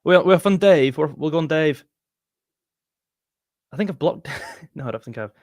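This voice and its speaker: A young man hosting a casual fan live stream, excitable and jumpy, talking straight to his chat. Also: fairly high pitch, moderate pace, no echo. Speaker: football fan channel host.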